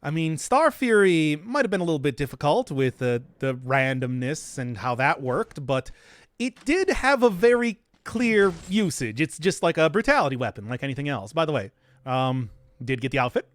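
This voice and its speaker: A man's voice: a little high, lively intonation, moderate pace, no room sound. A man streaming a video game, chatting casually with his viewers, rambling and laughing a lot. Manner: rambling, giggly, talks to chat. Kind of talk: casual gaming livestream chat.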